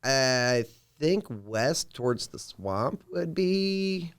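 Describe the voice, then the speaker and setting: Man voicing an unsure tabletop-game guide, halting and pitched up. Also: very animated, clean tone, full character voice. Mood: thoughtful. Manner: hesitant, halting. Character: unsure young male guide, never left home.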